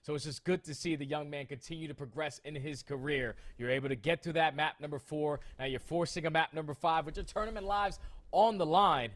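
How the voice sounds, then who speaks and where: A man's voice: on the high side, fairly quick, fairly bright tone. A man casting an esports match with hyped enthusiasm and casual slang. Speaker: esports caster. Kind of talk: esports desk commentary.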